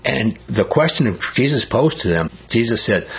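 A man preaching a sermon as pastor, speaking in a conversational, animated way that builds in emphasis. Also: lowish voice, fairly quick, few pauses, highs cut off.

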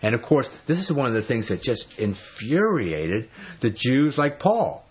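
Emphatic husky-voiced male Bible teacher. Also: medium pitch, very animated, unhurried, highs cut off. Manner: emphatic, rhetorical questions, frequent restarts. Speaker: preacher.

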